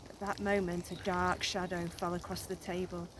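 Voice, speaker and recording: A woman teacher reading a children's story aloud, gently and expressively, outdoors on a snowy walk into a phone camera. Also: on the low side, level tone, normal speed, very noisy.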